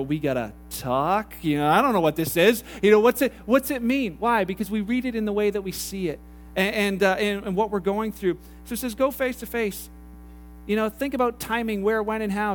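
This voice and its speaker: A man's voice: high voice, slight background noise. A middle-aged man from Canada preaching a conversational sermon as a pastor, repeating phrases and acting out little dialogues. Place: church hall.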